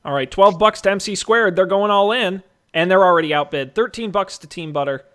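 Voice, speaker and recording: A man's voice: sits high, bright, forceful tone, clear, resonant tone. A man hosting a casual podcast, calling out bids like an auctioneer and joking along the way. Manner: joking, quick auctioneer patter. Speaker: podcast host running a movie draft auction.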